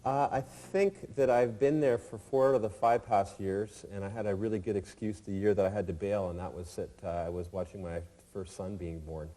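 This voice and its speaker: A man's voice: on the low side, fairly even intonation, brisk, few pauses, warm tone, in a large hall. A man in his thirties who is an easygoing, self-deprecating interview guest. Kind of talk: casual interview.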